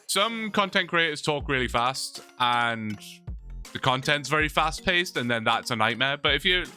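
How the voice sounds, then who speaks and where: Young man, bright tense voice, lively rambling livestream chat, laughs a lot, music behind. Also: mid-range voice, normal speed. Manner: rambling, laughs often, reads chat aloud. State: sore mouth from long talking.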